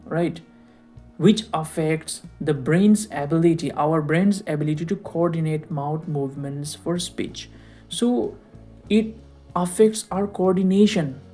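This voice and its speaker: A man giving a recorded lecture, explaining slowly and checking in with rhetorical questions like "right?". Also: a little high, warm tone. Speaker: teacher.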